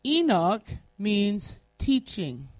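A woman leads a Bible class at a slow, unhurried pace, setting out each word's meaning one at a time. Her voice is recorded close and dry, with almost no room sound. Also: medium pitch, very animated, dry recording. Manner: deliberate, spells out word meanings one by one. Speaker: Bible study teacher. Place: classroom, writing on a board.

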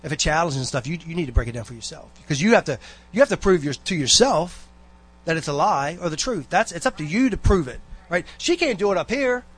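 A man's voice: fairly high pitch, lively intonation, fast talker, few pauses, husky. A man giving a rambling, folksy exhortation to a church congregation, full of asides and personal stories. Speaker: church member giving a talk.

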